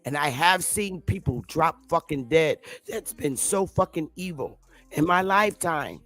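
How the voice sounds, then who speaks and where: Low, expressive and a bit bright, a commentary vlogger's voice unfolds unhurriedly as she rants her opinions off the cuff. Her delivery is defiant and combative, blunt and heavy with profanity and emphatic repetition, over soft background music with no room sound.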